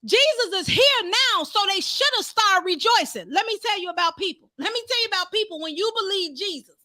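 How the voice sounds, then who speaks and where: High, bright-voiced woman preaching fervently. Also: lively intonation, a little fast, no room sound. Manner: fervent, rising to shouts, calls out to the congregation. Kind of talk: sermon.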